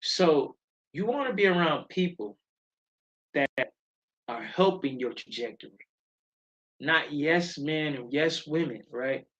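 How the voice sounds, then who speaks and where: A middle-aged man hosts a live show in casual talk. He tells stories in an animated, emphatic way and drifts into preaching. The audio is a little dull and lo-fi. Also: fairly high pitch, takes it slowly, long pauses. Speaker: show host.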